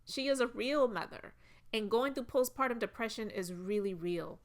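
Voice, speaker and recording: A woman's voice: fairly high pitch, moderate pace. A woman giving a casual commentary monologue, talking in an earnest, emotional and personal way.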